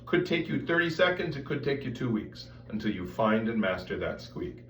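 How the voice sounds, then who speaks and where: A man's voice: medium pitch, very animated, moderate pace, a bit bright. A man giving a voice lesson, explaining step by step and breaking off to demonstrate vocal sounds. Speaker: voice teacher. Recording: roomy sound, mic at a distance, faint background noise.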